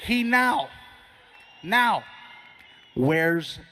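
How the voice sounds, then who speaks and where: A middle-aged male comedian on stage telling an animated story to a live audience, slipping into characters' voices. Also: high voice, drawn-out words. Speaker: stand-up comedian.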